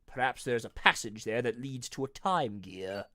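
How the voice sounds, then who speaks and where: A man voicing Dusknoir, a calm, wise ghostly male mentor who reasons aloud in a measured way. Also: medium pitch, no echo, clean studio sound. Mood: calm, reasoning. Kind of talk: voicing game dialogue.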